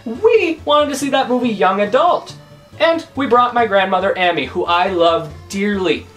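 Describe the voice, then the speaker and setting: Young woman host, comic rant, lively up-and-down delivery, faint music underneath. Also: medium pitch, normal speed. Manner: exasperated, emphatic, repeats her points. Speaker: YouTube host. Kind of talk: comedic vlog rant.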